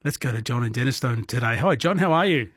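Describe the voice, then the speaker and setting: A middle-aged man with an Australian accent hosting a late-night radio quiz from a studio, chatty and relaxed, with frequent fillers. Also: medium pitch, fast talker, slightly rough, no room sound. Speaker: radio host. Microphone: studio microphone.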